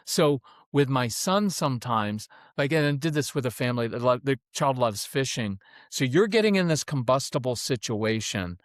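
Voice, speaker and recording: A middle-aged man, a parenting coach guest, talking through his advice in a podcast interview. He acts out the voices of the people in his stories, then drops back into a plain, business-like tone. His pitch sits in the middle, and the recording is dry and close with no room echo. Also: moderate pace, few pauses. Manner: animated storyteller who acts out quoted voices; matter-of-fact coaching delivery.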